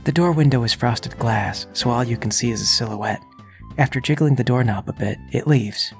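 A man narrating as game master of a tabletop role-playing game, in a calm, steady storytelling voice. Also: mid-range voice, moderate pace, soft background music.

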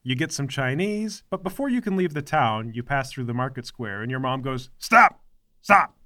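A man acting as game master, narrating a tabletop game in a quiet, matter-of-fact way. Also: medium pitch, brisk.

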